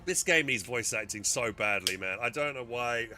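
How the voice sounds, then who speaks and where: A man's voice: medium pitch, moderate pace, bright, forceful tone, faint music behind. Chatty man streaming a game. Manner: chatty, self-deprecating, thinking aloud. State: strained voice. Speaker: gaming streamer. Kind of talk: casual game commentary.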